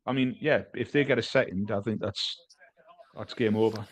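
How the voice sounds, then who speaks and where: A man in a casual football chat, talking quickly with frequent restarts. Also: fairly low pitch, steady tone. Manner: quick, chatty, restarts often.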